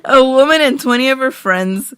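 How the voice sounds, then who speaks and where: A woman's voice: high voice, lively intonation, moderate pace, fairly bright tone. A young woman co-hosting a casual podcast, reading out news stories, laughing and swearing freely. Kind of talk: casual chat.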